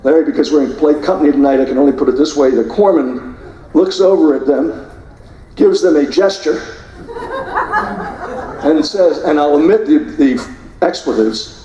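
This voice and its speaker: An older man giving a forceful speech, narrating combat footage and mimicking the people he quotes. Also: fairly high pitch, normal speed, long pauses, highs cut off. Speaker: guest speaker. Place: hotel banquet hall. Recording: echoey hall, voice from far off.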